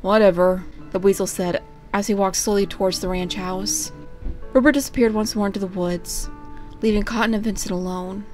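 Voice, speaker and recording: A woman at a middle pitch reads a storybook aloud in a steady, unhurried way. She sounds plain and even, with faint music playing underneath. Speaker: narrator. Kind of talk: fan fiction reading.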